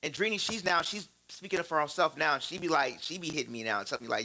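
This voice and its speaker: A man in his thirties preaching about fatherhood through personal stories, animated and laughing, repeating phrases for emphasis. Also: fairly high pitch, fast talker, rough recording. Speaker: church speaker on fatherhood.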